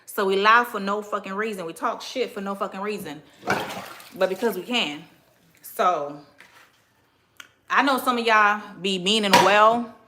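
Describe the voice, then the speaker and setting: A livestream host from Miami, Florida, a woman with a Caribbean-American accent, talks bluntly and profanely while cleaning, telling animated stories. Her mid-range voice moves a little slowly with frequent pauses, and there's slight background noise.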